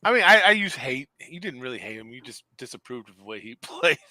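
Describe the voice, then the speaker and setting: A man's voice: mid-range voice, very animated, fast talker, pushed and bright, dry recording. A man co-hosting a casual chat show, teasing his partner and laughing often. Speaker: podcast co-host.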